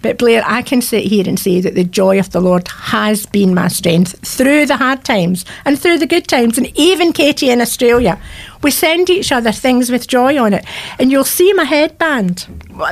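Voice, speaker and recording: A woman's voice: a little high, lively intonation, normal speed. A woman in her sixties, a radio guest telling a personal faith story in an earnest, heartfelt way, her voice sometimes cracking. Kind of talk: radio interview, personal testimony.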